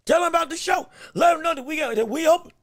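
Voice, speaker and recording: A man hosting a solo podcast, talking in an excitable, rambling way, often repeating words, with a voice that is straining and going hoarse. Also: very high-pitched, fast, no room sound, raised voice, clean studio sound. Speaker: podcast host.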